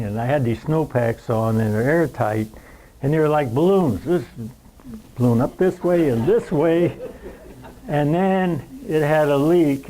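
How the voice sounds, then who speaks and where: Elderly male veteran, mellow darkish tone, meandering storyteller who plays out the moments. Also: medium pitch, poor audio. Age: 90s. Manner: rambling storyteller who acts out the scenes. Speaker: veteran recounting war memories. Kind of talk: spoken war reminiscence at a roundtable.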